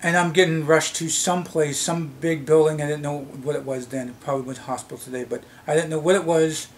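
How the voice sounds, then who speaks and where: A man from Canada, telling a childhood story in a vlog, in a halting, rambling way with many fillers and restarts. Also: fairly high pitch, fairly even intonation, slight background noise, rough recording. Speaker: vlogger. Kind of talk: casual storytelling. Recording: loud music behind the voice.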